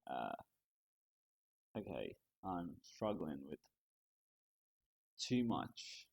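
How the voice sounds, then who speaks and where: A young man streaming live, chatting casually in a rambling, halting way, often restarting sentences. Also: low-pitched, big pitch swings, gravelly, a little mellow. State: overheated.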